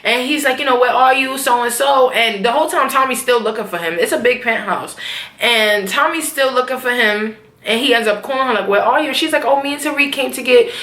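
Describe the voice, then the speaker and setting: A young woman talks through a TV episode in loose, slangy chat, voicing the characters' lines as she goes. Her voice sits a little high, and the room around her rings with echo. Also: fairly bright tone. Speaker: TV episode recapper. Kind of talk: casual episode recap.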